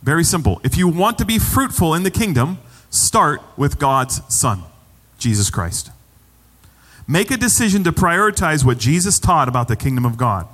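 A man's voice: on the high side, big pitch swings, moderate pace, fairly bright tone, in a large hall. A man preaching a sermon as pastor, conversational and repeating phrases for emphasis.

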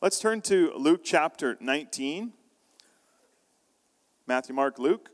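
A man's voice: on the high side, expressive, slow pace. Man preaching in a reverberant hall. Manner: storytelling, conversational with frequent restarts. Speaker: pastor. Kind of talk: sermon. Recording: long reverb of a large hall.

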